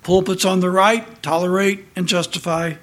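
A man's voice: high-pitched, level tone, normal speed, a bit bright. A middle-aged man reading political commentary aloud, indignant and marking every quotation with "quote" and "close quote".

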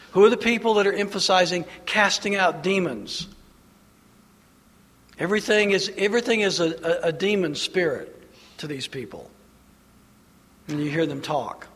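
A man's voice: sits high, fairly bright tone. A man preaching a sermon, emphatic, pressing his listeners with rhetorical questions. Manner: emphatic, rhetorical questions, slow deliberate delivery. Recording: long reverb of a large hall.

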